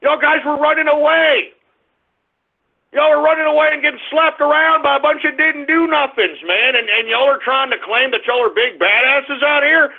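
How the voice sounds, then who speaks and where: A brash male radio host rants and taunts on a call-in show. His voice sits high for a man and comes through a tinny, phone-like line. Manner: brash, confrontational, drawn-out taunts.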